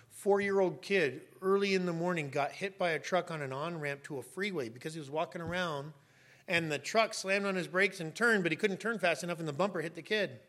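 A middle-aged man preaching a sermon as a pastor, emphatic and sometimes rising to sharp raised shouts. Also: fairly high pitch.

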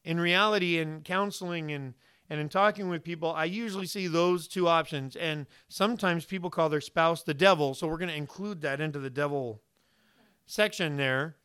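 A man with a high, bright voice preaches to his church. His tone is crisp and smooth, and he tells stories with animation, acting out the voices of the people he quotes. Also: normal speed. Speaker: pastor. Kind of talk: sermon.

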